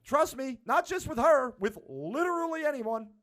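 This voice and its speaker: A man's voice: very high-pitched, animated, moderate pace, fairly bright tone. A man co-hosting a podcast, giving mock-serious advice in a teasing, lecturing way. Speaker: podcast co-host. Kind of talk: casual podcast banter.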